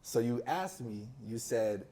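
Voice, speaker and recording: Man, podcast guest, casual storytelling, slangy, animated, mid-range voice. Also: mid-range voice, slow pace.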